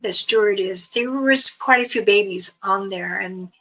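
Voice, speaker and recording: A woman's voice: mid-range voice, measured pace, bright, forceful tone, poor audio. A woman hosting a casual livestream, chatting about a trip with frequent laughs and reading viewer comments aloud. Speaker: livestream host. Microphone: streaming setup.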